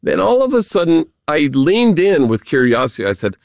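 A man who is a Jesuit priest, talking earnestly with gentle humor as an interview guest and telling stories. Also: on the high side, very animated, normal speed, creaky, dry recording, clean studio sound. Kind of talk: conversational storytelling interview.

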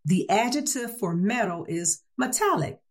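A woman's voice: medium pitch, lively intonation, measured pace, husky. A woman reading humorous excerpts aloud, chuckling at the jokes she reads.

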